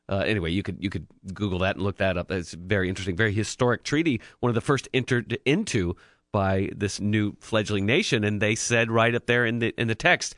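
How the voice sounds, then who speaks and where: Fast-talking male radio host. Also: lowish voice, fairly bright tone, no echo, studio quality. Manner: quick, chatty, frequent affirmations. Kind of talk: radio talk show hosting. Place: radio studio.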